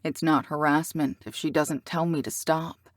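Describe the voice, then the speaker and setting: A woman's voice: deep voice, fairly even intonation, normal speed, no echo, clean studio sound, close to an everyday voice. A woman voicing a cocky teasing bad boy. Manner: teasing, smooth, full of innuendo. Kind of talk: audiobook character reading.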